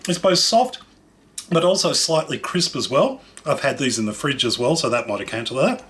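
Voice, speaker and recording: A man's voice: medium pitch, expressive, moderate pace, fairly bright tone, slight background noise. A man hosting a casual cooking show, chatting enthusiastically as he tastes and describes fruit. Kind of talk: casual food demonstration.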